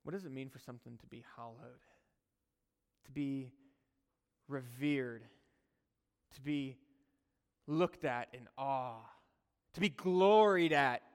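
A man's voice: mid-range voice, slow pace, pauses often, clean tone, in a large hall. A man preaching a sermon in a conversational way, mixing teaching with chuckling personal asides.

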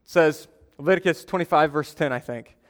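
A young man gives a sermon as pastor, his voice sitting a little higher than most men's. He talks in a loose, conversational way, telling stories and poking fun at himself. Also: a little fast. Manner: conversational storytelling, self-deprecating humor.

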